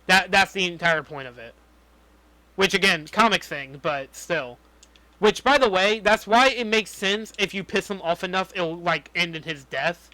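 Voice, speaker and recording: A man's voice: sits high, moderate pace, pushed and bright, no room sound. A young man co-hosting a podcast in casual chat, griping about a movie with a lot of swearing. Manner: profane, ranting movie criticism. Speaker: podcast co-host.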